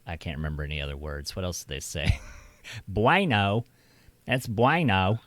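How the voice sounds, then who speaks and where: An American man with a low, deep voice, talking casually on his stream. He wanders through ideas with plenty of restarts, and the sound is close and dry. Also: fairly even intonation, fairly quick, no room sound. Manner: rambling, restarts often. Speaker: streamer host. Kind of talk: casual chat.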